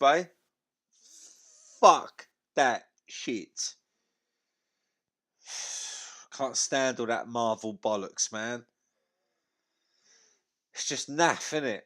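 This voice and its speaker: A man's voice: mid-range voice, drawn-out words, pauses often, bright, forceful tone. A man hosting a live fight watchalong, chatting casually, swearing freely and using lots of slang. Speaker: livestream watchalong host.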